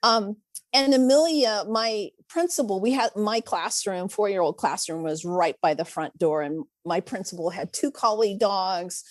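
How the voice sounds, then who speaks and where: A woman, a former preschool teacher, telling classroom stories as a podcast guest, animated and laughing often. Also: medium pitch, normal speed, no echo. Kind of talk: casual storytelling interview.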